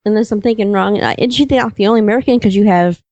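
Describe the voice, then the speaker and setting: A woman from Texas co-hosting a casual podcast, chatty and quick. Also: mid-range voice, darkish tone, no echo, highs cut off. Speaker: podcast co-host.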